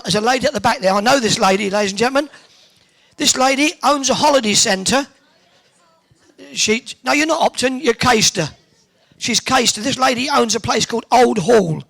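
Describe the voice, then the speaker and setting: A man's voice: very high voice, creaky, a bit bright. Cheeky man bantering with a crowd. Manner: cheeky, teasing, quick one-liners. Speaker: arena host entertaining the crowd. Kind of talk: joking crowd banter over a microphone. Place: large indoor bowls arena with a crowd.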